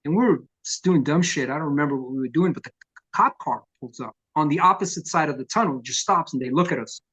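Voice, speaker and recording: A middle-aged man, a punk vocalist telling profane, lively stories in an oral history interview. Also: on the high side, fast, slightly rough. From New York. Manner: profane, animated storyteller who acts out quotes.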